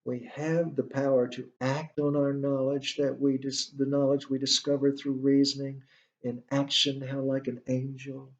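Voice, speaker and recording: A man giving a recorded literature lecture, halting, with frequent fillers and restarts. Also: medium pitch, little pitch movement. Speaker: literature instructor. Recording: echoey room, dull lo-fi sound.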